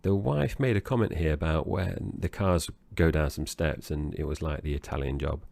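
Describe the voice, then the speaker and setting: A man with a very deep, gravelly voice chats about a film, rambling and hesitating as he goes. The sound is dry and close. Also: normal speed, darkish tone, no echo. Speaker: podcast co-host. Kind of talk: casual film-review chat.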